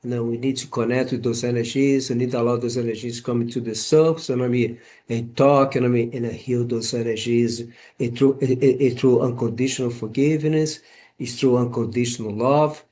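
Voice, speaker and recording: A man hosting a casual conversation, talking haltingly with many repeated words and restarts. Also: mid-range voice, steady tone, darkish tone. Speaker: podcast host and healing practitioner. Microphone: home camera setup.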